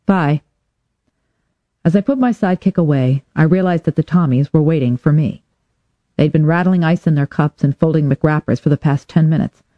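A woman narrating a hardboiled audiobook in first person, wry and deadpan, letting the dry jokes land flat. The recording is dry and close with a dull, lo-fi edge. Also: sits low, no room sound.

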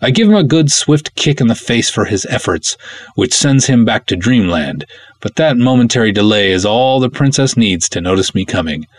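A man, the show's host, reading a wry first-person pulp adventure story aloud with lively drama. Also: mid-range voice, normal speed.

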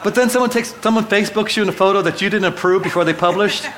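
A middle-aged pastor, his voice high and racing, preaches a sermon to a live audience in a church hall with noise in the background. He tells personal stories casually, with self-deprecating jokes, frequent restarts and asides to the listeners.

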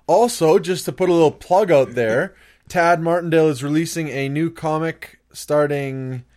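Brief: man co-host, highish voice, chatty and upbeat banter. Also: normal speed, a little mellow. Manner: laughs often, plugs and announcements. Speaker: podcast co-host. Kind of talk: casual banter.

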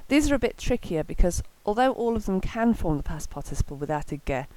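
A woman reading a scripted language lesson in a clear, measured way, slowing down to pronounce example words. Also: mid-range voice, very animated, dark tone, no echo, poor audio. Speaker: language teacher.

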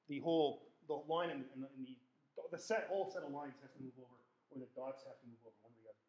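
Joking lecturer in an echoey hall. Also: male voice, medium pitch, quick pace, highs cut off. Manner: informal, joking, restarts and self-corrections. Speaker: statistics lecturer. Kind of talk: classroom lecture.

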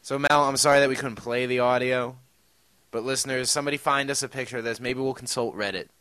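A teasing man hosts a casual podcast and reads out listener comments, at times in a mock British voice. His voice has a bright, forward tone at an average pitch. The recording is dry and close. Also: fairly even intonation, fast talker, clean tone, dry recording.

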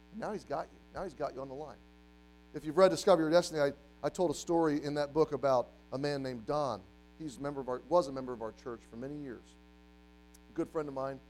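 A man preaching a sermon to a congregation, telling a story and moving from quiet, hushed passages to loud, emphatic ones. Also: on the high side, poor audio. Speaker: pastor. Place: church.

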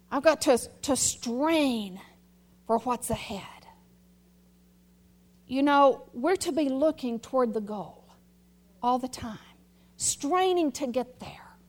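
High-voiced woman preaching emphatically. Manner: emphatic, rising to loud exhortation. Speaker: pastor. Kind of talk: sermon. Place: church sanctuary.

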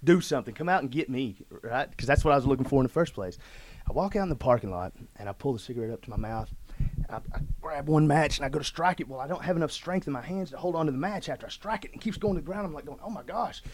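A man telling a personal story in casual, rough-spoken talk, often saying "man" and "dude". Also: fairly high pitch, animated, racing, slight background noise. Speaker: guest telling his story.

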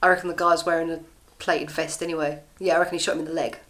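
A woman's voice: low-pitched, little pitch movement, racing, fairly bright tone. Chatty English woman podcast co-host. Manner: chatty, laughs often. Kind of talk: casual recap chat.

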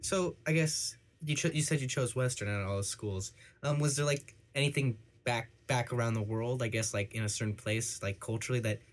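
A young man interviewing casually, rephrasing his questions often and halting as he asks them. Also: mid-range voice.

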